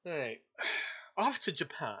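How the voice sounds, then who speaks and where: An American man co-hosting a casual news stream, opinionated and quick to laugh. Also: on the high side, breathy edge, highs cut off. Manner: animated, opinionated, laughs often. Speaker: co-host reading news stories.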